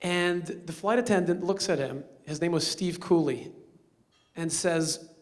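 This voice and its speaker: A man speaking as a rabbi storyteller at a banquet, animated and acting out the characters in his story. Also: fairly high pitch, a little slow. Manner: animated, acting out quoted voices. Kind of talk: storytelling speech. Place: banquet hall.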